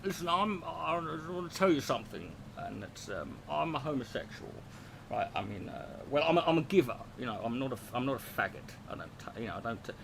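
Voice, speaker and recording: A man doing a comic impression of an old London gangster, mumbling and halting as he trails off. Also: mid-range voice, big pitch swings, vocal fry, noisy background.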